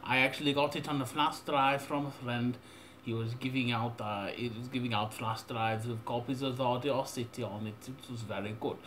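A young man rambling through a deadpan, mock-serious audio software tutorial with absurd asides. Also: medium pitch, normal speed, slight background noise. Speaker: tutorial maker.

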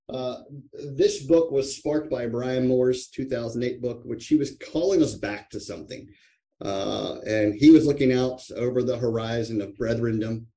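A male podcast host with a mellow, dark tone and a middling pitch. He chats casually and jokes with his guests. He fills his pauses with "uh" and often restarts his sentences. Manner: joking, with frequent "uh" fillers and restarts. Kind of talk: casual chat.

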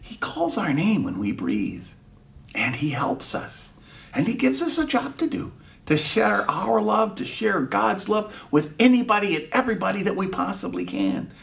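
A man leading a preschool chapel, telling a story in an animated, playful way that sometimes drops to a whisper. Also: high-pitched, normal speed, gravelly, distant mic. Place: church.

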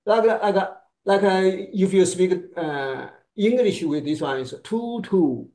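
A male Chinese pronunciation teacher whose first language is Chinese, speaking English in short broken phrases and modeling sounds slowly. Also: sits high, animated, dark tone. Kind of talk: one-on-one lesson.

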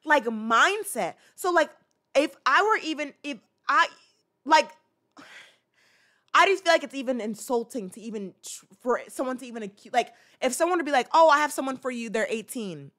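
A woman in her mid-twenties hosts a casual commentary podcast. Her voice sits a little high, and she talks in a loose, animated rant that is full of restarts and asides. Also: moderate pace. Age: 20s. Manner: animated, ranting, many restarts. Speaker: podcast host.

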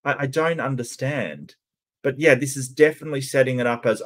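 A man talking through a cartoon with his viewers in a loose, conversational way. He repeats words as he gathers his thoughts, and his voice sits at an ordinary middle pitch. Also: big pitch swings. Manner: halting, many repeated starts. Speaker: commentator reacting to a cartoon and to chat. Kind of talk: casual reaction commentary.

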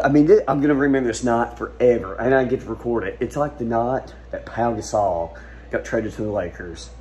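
A man filming an excited sports reaction video at home at night, overexcited and repeating his exclamations. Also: medium pitch, a little hiss or hum. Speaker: sports fan vlogger.

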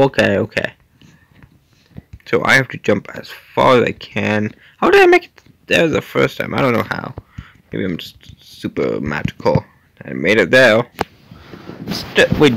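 A man hosting a gaming channel, chatting casually to himself and his viewers as he plays, with quick little laughs. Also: medium pitch, gravelly, dry recording. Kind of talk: casual gameplay commentary.

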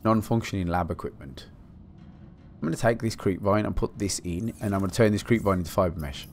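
A man from Britain giving excitable, swear-heavy let's play commentary, talking to himself as he plays. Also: on the low side, a little fast, slight background noise. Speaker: gaming channel host.

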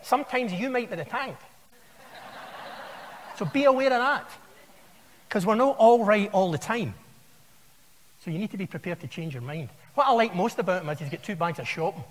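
A Scottish man in his sixties gives a keynote to a large hall, full of wry asides and stories. His voice sits high for a man and swings widely in pitch. A long reverb trails his words. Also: lively intonation, normal speed, long pauses, a little hiss or hum. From Scotland. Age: 60s. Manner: wry, anecdotal, conversational storytelling. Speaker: conference speaker. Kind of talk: conference keynote talk.

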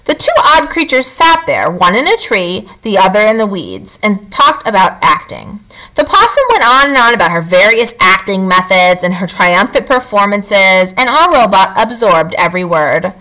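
A woman's voice: mid-range voice, normal speed, low-quality recording. A woman reading a chapter book aloud as a teacher, telling the story expressively. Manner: expressive, animated.

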